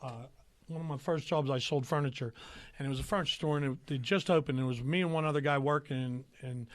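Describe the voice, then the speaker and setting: A man's voice: a little high, fairly even intonation, quick pace. A male podcast host who teases his guest, tells stories and runs the show's segments. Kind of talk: casual podcast banter.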